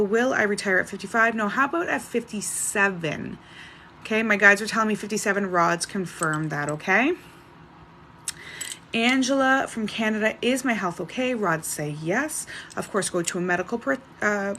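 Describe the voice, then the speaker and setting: A woman hosting a live-stream psychic reading, briskly reading out viewers' names and questions in a chatty, casual way. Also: mid-range voice, a bit bright, slight background noise. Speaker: psychic livestream host.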